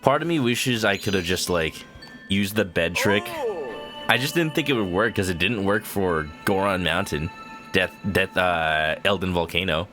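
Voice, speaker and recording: A young man streaming a game, chatting casually in a goofy, rambling way with sudden high silly yells. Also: moderate pace. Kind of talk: casual gameplay commentary. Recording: game music under the voice.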